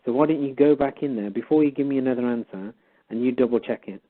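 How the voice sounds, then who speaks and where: A man's voice: medium pitch, fast. A man casually retelling a story, animatedly acting out both sides of a conversation. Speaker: guest storyteller. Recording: tinny phone-like line.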